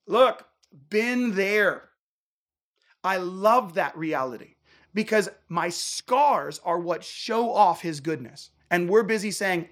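A man, a traveling worship musician, telling a passionate faith story and acting out the back-and-forth of a conversation. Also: high voice. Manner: animated, acts out dialogue in quick bursts.

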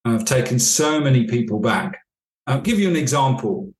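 A man speaks as a podcast guest, a leadership coach with a middle-pitched voice. He tells stories in a measured way, acting out the dialogue. The recording has a noticeable room echo. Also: expressive. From United Kingdom. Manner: storytelling, acts out dialogue. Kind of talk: podcast interview answers. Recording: echoey room.

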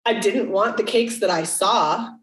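A woman's voice: mid-range voice, a little slow. A middle-aged woman talks frankly on a podcast, dropping curse words. Her voice sounds roomy and a little distant from the mic. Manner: candid, swears freely, acts out quoted voices. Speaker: podcast co-host. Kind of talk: casual podcast chat.

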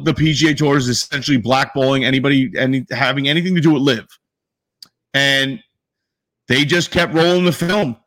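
A man's voice: mid-range voice, fairly bright tone. A man co-hosting a sports podcast, talking casually and animatedly, swearing freely. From New York area. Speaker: podcast co-host.

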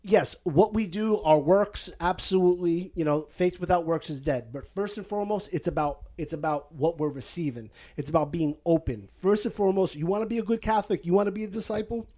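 A priest hosting a casual podcast in a home basement, talking in a slightly higher male voice. He is animated and joking, and he drifts into a put-on Italian-American lilt. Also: fairly quick, few pauses. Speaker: Catholic priest and podcast host. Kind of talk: casual podcast advice chat. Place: basement living room at home.

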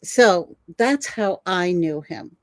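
An older woman, a herbalist guest, telling animated stories in a conversation and laughing often. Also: fairly low pitch, slow, no echo. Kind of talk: storytelling in a conversation.

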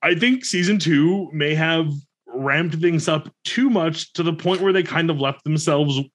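A man with a slightly high voice co-hosts a casual podcast. He talks in an opinionated, animated way and laughs often. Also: unhurried. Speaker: podcast co-host. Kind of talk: casual chat.

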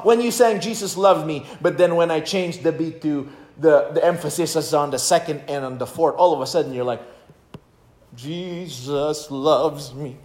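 A man's voice: fairly high pitch, darkish tone, echoey room. A man preaching a sermon on music, stressing his points and singing short hymn lines to show rhythm. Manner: emphatic, sings hymn lines to demonstrate rhythm.

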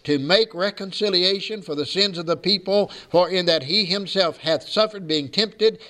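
High-voiced man preaching a sermon. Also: moderate pace, sharp tone. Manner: preaching with rhetorical questions and repeated refrains; reads scripture aloud in old-fashioned wording.

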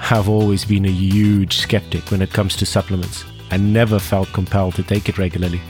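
A man hosting a podcast, asking quick follow-up questions and reading a sponsor message. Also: fairly low pitch. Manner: conversational, asks quick follow-ups. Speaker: podcast host. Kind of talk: interview questions and sponsor read.

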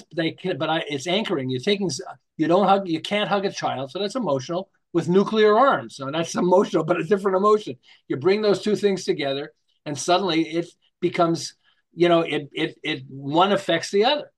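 An animated, higher-pitched American storyteller, this marketing author talks briskly as an interview guest. He acts out quotes and scenes, tells jokes, and rambles with restarts.

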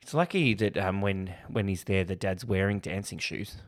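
A man's voice: low-pitched, lively intonation, normal speed. A man co-hosting a casual film podcast, joking and swearing freely. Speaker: podcast co-host.

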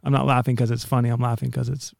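A man's voice: mid-range voice, little pitch movement, fast talker, creaky, a little mellow, no echo, clean studio sound. A man interviewing, asking long searching questions with many restarts.

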